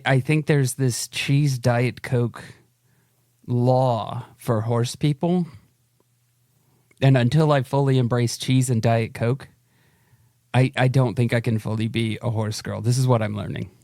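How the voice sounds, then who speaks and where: A man co-hosts a relaxed podcast, chatting about books in an easygoing, self-deprecating way. He pauses often on fillers. The recording is dry, close to the mic. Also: mid-range voice, no echo. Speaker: podcast co-host. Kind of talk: casual book chat.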